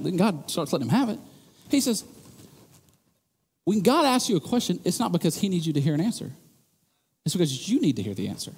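In a large hall, a man delivers a sermon from the stage in a high, husky voice, speaking fairly quickly but with long pauses. He tells the story in an animated, joking manner, building to emphatic bursts.

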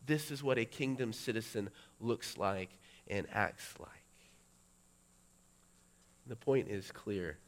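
A middle-aged male pastor preaching a sermon, building to loud, emphatic peaks. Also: lowish voice, expressive, slow pace, long pauses.

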